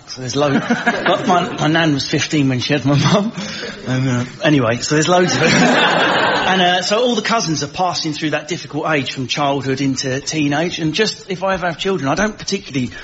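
A man's voice: fairly high pitch, brisk, a crowd in the background. Young man rambling comically, lo-fi. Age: young adult. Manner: rambling, self-deprecating. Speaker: comedian panelist. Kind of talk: comic anecdote. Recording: dull broadcast audio.

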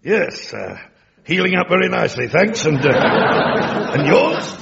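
An actor playing a bluff, plummy upper-class prince consort who cracks music-hall jokes in a comedy sketch. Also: male voice, high-pitched, sing-song, unhurried, gravelly, full character voice. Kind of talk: comedy sketch with live audience. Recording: noisy lo-fi recording with loud audience.

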